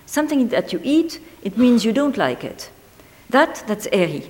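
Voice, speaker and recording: A woman reading a literary essay aloud in a measured, deliberate way, lingering on single words. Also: a little high, sing-song, darkish tone. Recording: long hall reverb.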